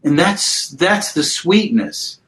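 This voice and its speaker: A man guiding a mindfulness session on a video call, speaking slowly and gently and inviting pauses. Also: a little high, lively intonation, low-quality recording. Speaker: mindfulness teacher.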